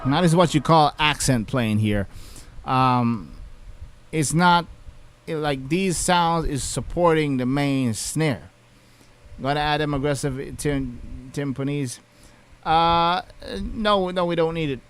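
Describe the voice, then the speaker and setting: A man's voice: fairly high pitch, slow, clean tone. A man, a music producer talking casually through a beat-making tutorial with lots of fillers. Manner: relaxed, chatty, many fillers. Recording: music playing behind the voice.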